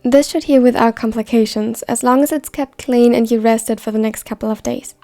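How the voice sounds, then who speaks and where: A woman voicing a calm, reassuring attending doctor. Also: on the high side, normal speed, soft background music, natural voice.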